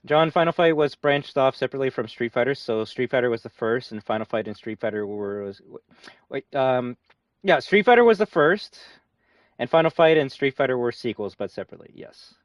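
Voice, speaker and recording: A young man live-streaming a fighting game, chatting casually with viewers, excitable and swearing often. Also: medium pitch, brisk, no echo, recorded from a distance, muffled recording. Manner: excitable, swears often, reads chat aloud. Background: game music.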